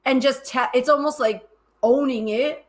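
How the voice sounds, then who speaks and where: A woman's voice: high-pitched, moderate pace. A woman co-hosting a casual podcast chat, talking candidly and animatedly, laughing often and swearing now and then. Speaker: podcast co-host. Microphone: headset earbuds.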